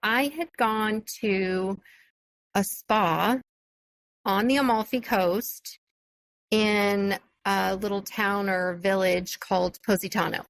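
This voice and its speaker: A woman's voice: mid-range voice, steady tone, takes it slowly, creaky, no room sound, poor audio. A woman hosting a solo podcast, telling a personal story in a chatty, enthusiastic way with frequent fillers. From California. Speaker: podcast host.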